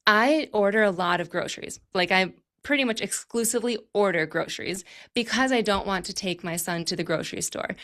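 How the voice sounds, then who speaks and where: A woman's voice: medium pitch, brisk, hardly any pauses, fairly bright tone. Reflective woman talking things through. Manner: reflective, thinks aloud in long winding sentences. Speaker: podcast guest, clarity coach. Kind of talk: conversational interview.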